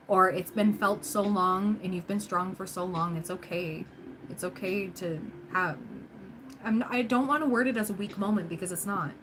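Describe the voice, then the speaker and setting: A woman's voice: medium pitch, background noise. Chatty woman hosting a tarot stream. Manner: chatty, encouraging, frequent laughs and fillers. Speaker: tarot reader livestream host. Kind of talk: casual livestream chat.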